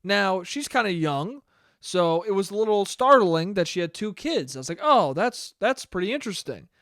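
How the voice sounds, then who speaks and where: A man's voice: sits high, big pitch swings, moderate pace, a bit bright, no echo, clean studio sound. A man hosting a solo podcast, telling stories in a casual, profane way and laughing often. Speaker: podcast host.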